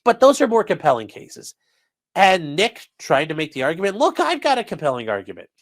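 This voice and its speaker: A man's voice: high voice, brisk. A man giving casual, sarcastic legal commentary on a livestream, talking straight to his chat. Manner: casual, sarcastic, lively asides.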